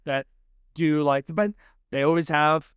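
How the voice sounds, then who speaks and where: A man's voice: a little high, little pitch movement, unhurried, fairly bright tone, smooth, no room sound, studio quality. A man guesting on a podcast, talking casually and with enthusiasm, saying "man" and "dude" a lot. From California. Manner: laid-back, enthusiastic, says "man" and "dude" often. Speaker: podcast guest, food show host. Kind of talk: casual chat. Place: podcast studio.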